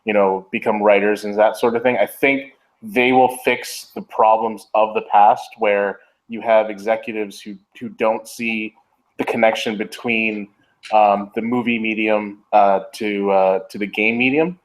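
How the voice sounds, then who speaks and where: A man's voice: on the low side, fairly even intonation, unhurried, rough recording. A man on a podcast panel answering thoughtfully, hesitating and restarting as he talks. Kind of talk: casual chat.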